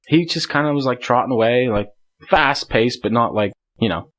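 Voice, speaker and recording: A man's voice: mid-range voice, normal speed. A man in the middle of his vocal range tells a long story across the table as a podcast guest. He rambles and leans on filler words, breaking into laughter often as he goes. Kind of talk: casual hunting story told in conversation.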